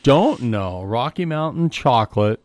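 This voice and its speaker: A man's voice: mid-range voice, big pitch swings, a little slow, darkish tone, no room sound. A man hosting a casual local radio interview, chatty and joking, often breaking off and restarting his sentences. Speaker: radio host for a local business chamber.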